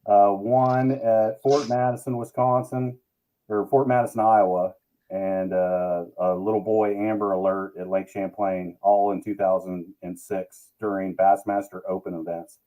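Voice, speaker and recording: A man's voice: on the low side, steady tone, measured pace, dark tone, muffled recording. A man who is a guest on a live fishing show, telling long rambling stories in casual chat. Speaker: guest, tournament angler. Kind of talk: casual storytelling.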